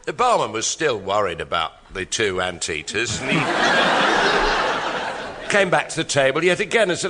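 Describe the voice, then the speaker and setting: A man's voice: fairly low pitch, wildly swooping pitch, a little slow, sharp tone. A man on a comedy panel improvising a story in a dry, matter-of-fact way. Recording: live radio recording with audience laughter.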